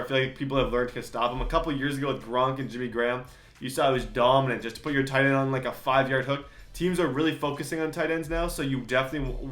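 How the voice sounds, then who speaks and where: A man's voice: medium pitch, fairly bright tone. Casual young man in an echoey room. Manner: casual, rambling, many fillers. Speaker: YouTuber. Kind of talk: casual vlog commentary.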